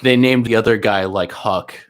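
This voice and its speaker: A young man co-hosting a podcast, recalling old TV shows in a relaxed, rambling way with frequent chuckles. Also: on the low side, moderate pace. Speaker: podcast co-host. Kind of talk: casual chat.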